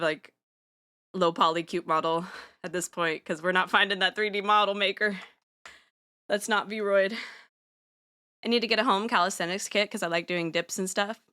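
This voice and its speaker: A woman's voice: lowish voice, sharp tone, clear, resonant tone. A young woman streaming from home, chatting casually and rambling with playful slang while she draws. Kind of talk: casual livestream chat while drawing.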